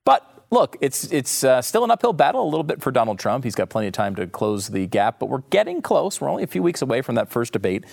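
A man's voice: medium pitch, sing-song, quick pace, gravelly, few pauses, darkish tone. A man hosting a talk show, chatting casually with jokey, sarcastic asides. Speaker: podcast host.

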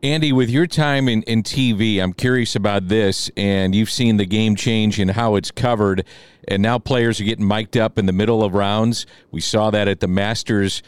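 A man co-hosting a golf podcast, asking long, measured questions. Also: on the low side, fairly even intonation, smooth, dry recording. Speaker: podcast co-host. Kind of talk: interview questions.

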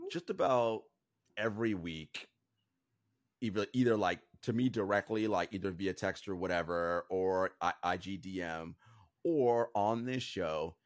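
A man co-hosting a casual podcast. He talks in a rambling, animated way and often repeats words while he thinks. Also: sits low. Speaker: podcast co-host. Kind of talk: casual chat.

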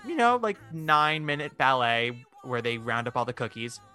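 A man co-hosting a casual podcast chat. He is animated and fills his talk with "like", acting out quoted reactions. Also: medium pitch, normal speed, soft background music. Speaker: podcast co-host. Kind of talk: casual chat about musical theatre.

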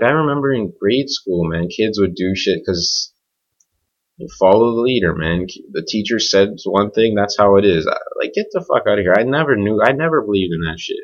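A man hosting his own podcast, talking off the cuff in a blunt, profane, rambling solo rant. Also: fairly low pitch. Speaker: podcast host. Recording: dull lo-fi home recording.

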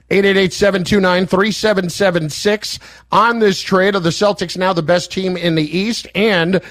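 Male radio host, fairly high voice, blunt and opinionated, studio mic. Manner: blunt, opinionated, fast-talking. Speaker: radio sports talk host. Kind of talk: sports talk radio. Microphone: studio microphone.

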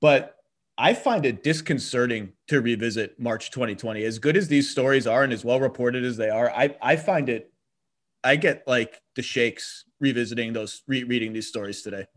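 Reflective man hosting a podcast. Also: mid-range voice. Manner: reflective, halting, with frequent restarts. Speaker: podcast host. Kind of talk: casual conversation.

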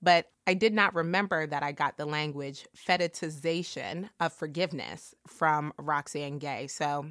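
A woman's voice: low voice, moderate pace, hardly any pauses, fairly bright tone, no echo, studio quality. A woman co-hosting a podcast, speaking earnestly with a few fillers. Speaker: podcast co-host. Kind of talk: casual discussion.

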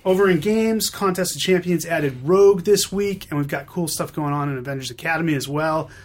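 An enthusiastic man hosts a podcast news roundup, his voice sitting a bit above the usual male pitch. He talks in a chatty way, dropping quick fillers as he goes. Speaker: podcast host.

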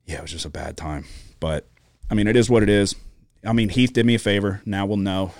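A man's voice: fairly quick, vocal fry, dry recording, studio quality. A man co-hosting a podcast, telling a story in casual, profane chat, his voice jumping up when he gets worked up. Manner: animated storytelling, heavy swearing, pitch jumps when worked up. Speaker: podcast co-host. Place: podcast studio.

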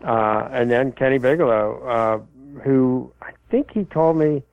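A man casually answering listener questions about college football, rambling and halting with many fillers and restarts. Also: mid-range voice, vocal fry, dry recording. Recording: tinny phone line, dry.

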